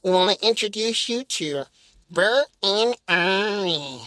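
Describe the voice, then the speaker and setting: A man doing a comedic impression of Big Bird as a slow, booming giant male bird host with a drawn-out, solemn announcer delivery. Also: animated, sharp tone, dry recording, exaggerated voice.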